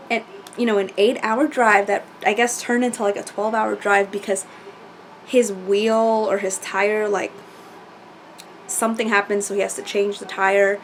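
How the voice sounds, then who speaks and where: A woman chatting casually as she recaps a reality show, animated and full of fillers and quoted asides. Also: mid-range voice, moderate pace, slight background noise.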